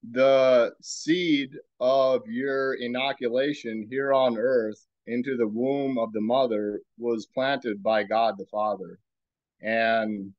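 A man hosting a podcast, giving a reflective spiritual talk in a slow, musing way and asking himself rhetorical questions. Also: mid-range voice, no room sound, lo-fi sound. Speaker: podcast host.

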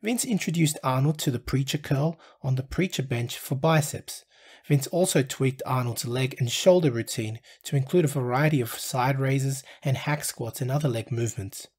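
A man with a husky, slightly grainy voice at a middle pitch reads a scripted documentary narration. He hosts his own channel and tells the story in a measured, even storytelling manner.

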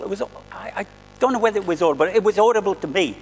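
A man's voice: high-pitched, rapid-fire, in a large hall, faint music behind, poor audio. A man preaching a sermon in a church, earnest and conversational, often restarting his phrases. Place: church hall.

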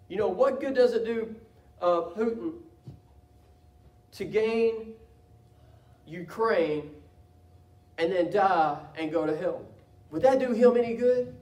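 A high-pitched man preaches with fervor, his voice climbing into loud cries at its peaks. He is picked up from a distance, so the sound is thin and carries the ring of a reverberant church sanctuary. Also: a little slow, long pauses. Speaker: pastor. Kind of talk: sermon. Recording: echoey church room from a distance.

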